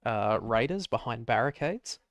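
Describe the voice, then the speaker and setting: A man as game master, narrating a tabletop game in a measured, descriptive way. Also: mid-range voice, expressive, dry recording.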